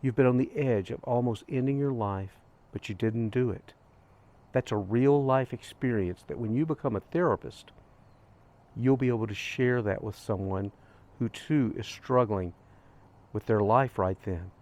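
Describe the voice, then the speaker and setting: Middle-aged american guy telling a story, earnest, repeats himself, normal pitch. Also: normal speed, darkish tone. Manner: earnest, repetitive phrasing, retells dialogue with "I said". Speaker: host of a grief channel. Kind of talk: reflective storytelling monologue.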